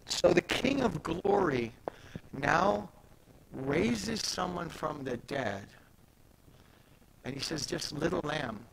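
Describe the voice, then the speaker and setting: Male preacher, raspy fry, slight background hiss; retells scripture casually, then punches key words loudly. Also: fairly high pitch, poor audio. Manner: animated, swings from soft asides to loud emphatic peaks; conversational, retells scripture in everyday speech. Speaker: pastor. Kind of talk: sermon.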